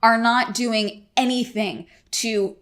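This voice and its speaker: A woman's voice: fairly high pitch, fairly even intonation, slow, a bit bright. A woman vlogger ranting to camera, getting worked up and exasperated, swearing freely. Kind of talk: casual ranting vlog.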